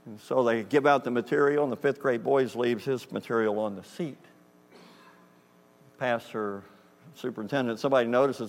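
In a reverberant hall with a faint hum behind him, a man preaches a sermon built around a story, speaking conversationally. His mid-range voice moves at a moderate pace as he acts out dialogue and checks whether the congregation hears him.

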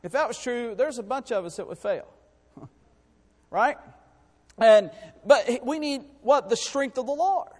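High-voiced preacher in an echoing hall. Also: male voice, expressive. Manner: swings between loud exhortation and quiet asides; reads scripture in slow, drawn-out phrases. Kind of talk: sermon. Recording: long hall reverb.

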